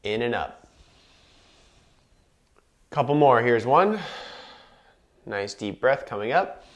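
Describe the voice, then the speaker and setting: A man of average pitch leads a guided breathing and movement class. He calls out each inhale and exhale in a calm, unhurried way, then drops into relaxed, chatty explanations between the cues. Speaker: movement instructor.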